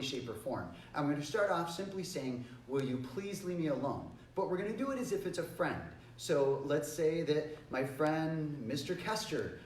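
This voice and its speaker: Martial arts teacher guy, kinda high voice, asks the kids questions, echoey room, a bit far off. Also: slight background noise. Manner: encouraging, rhetorical questions, leads call-and-response drills. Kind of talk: teaching a kids' anti-bullying class.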